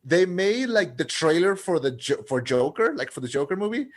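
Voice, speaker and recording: A man's voice: fairly high pitch, sing-song. A man co-hosting a podcast, talking eagerly about a film and often restarting his sentences. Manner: enthusiastic, halting, many restarts. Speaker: podcast co-host. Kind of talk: casual podcast chat.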